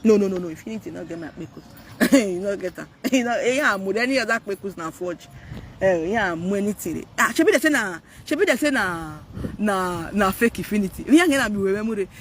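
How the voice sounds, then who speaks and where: A man's voice: sits high, expressive, brisk, fairly bright tone, slight background noise. A man with a Nigerian accent talking to viewers on a live stream, ranting animatedly and mixing Pidgin, Yoruba and English.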